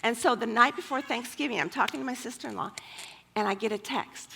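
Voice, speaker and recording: A woman's voice: fairly high pitch, brisk, creaky, background noise. A woman telling personal stories at a church women's gathering, chatty and full of fillers. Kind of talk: personal storytelling talk.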